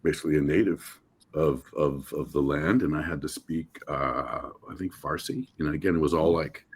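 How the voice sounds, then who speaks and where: A middle-aged American man, an actor guest, telling animated stories in a casual interview and acting out quotes with many restarts. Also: extremely low pitch, moderate pace, slightly rough. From United States.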